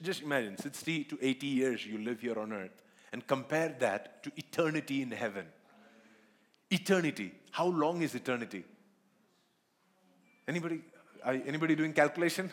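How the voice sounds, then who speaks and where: A man's voice: mid-range voice, fairly bright tone. A man preaching a sermon in church, earnest, repeating himself and asking the congregation questions. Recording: long hall reverb.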